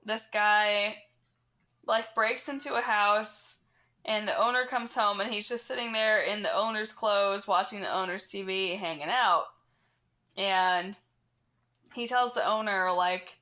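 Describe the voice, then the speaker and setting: A woman co-hosting a podcast, telling stories in casual chat with a deadpan, profane delivery. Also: mid-range voice, a little slow. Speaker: podcast co-host.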